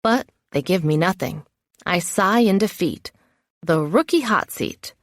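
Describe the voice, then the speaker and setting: A woman's voice: on the low side, animated, a little slow, no echo. A woman narrating a first-person novel in a wry, self-mocking inner voice. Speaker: audiobook narrator.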